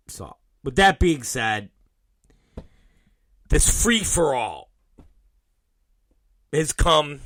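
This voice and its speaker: A man's voice: mid-range voice, bright, forceful tone, dry recording, rough recording. A man hosting his own radio show, telling home stories in a profane, rambling way. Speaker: host. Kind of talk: casual radio show monologue.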